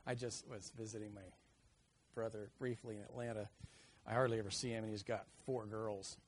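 A middle-aged man preaching a sermon, telling family stories and acting out children's cries with lively energy. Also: on the low side, brisk, slight background noise. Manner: animated storyteller, acts out kids' shouts.

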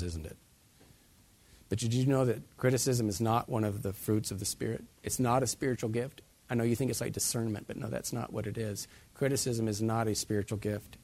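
Husky-voiced pastor preaching to his church. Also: medium pitch, darkish tone. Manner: asks the congregation many direct questions. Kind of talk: sermon.

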